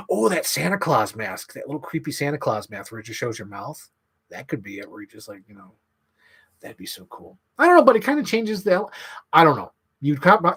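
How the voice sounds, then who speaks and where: A man in an excited, rambling monologue, swearing freely and filling his talk with "like". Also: medium pitch. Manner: enthusiastic, profane, filler-heavy. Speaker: channel host.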